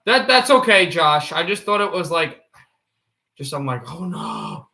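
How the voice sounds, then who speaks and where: A man streaming amateur hockey play-by-play and chatting casually, excitable and rising to shouts on big plays. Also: fairly high pitch, measured pace. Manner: excitable, rises to shouts on goals. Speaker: livestream hockey commentator. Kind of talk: amateur play-by-play commentary mixed with casual chat. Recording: roomy echo.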